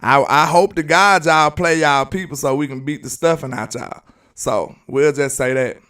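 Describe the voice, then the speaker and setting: A man's voice: fairly high pitch, normal speed, fairly bright tone, clear, resonant tone, distant mic. A man with a Southern US accent hosting live sports commentary, arguing emphatically and repeating his points. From Alabama, US. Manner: argumentative and emphatic, repeats phrases. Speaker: sports channel host.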